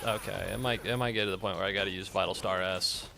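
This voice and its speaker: A man streaming himself playing an action game, commenting casually, excitable, swearing and joking at the game. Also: low-pitched, fast, gravelly, over music.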